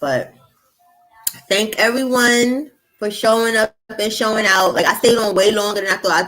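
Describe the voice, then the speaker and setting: A woman's voice: mid-range voice, moderate pace, a bit bright, faint music behind, low-quality recording. A woman hosting a livestream, chatting loosely with viewers in slangy, profane talk. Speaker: livestream host. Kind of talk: casual livestream chat.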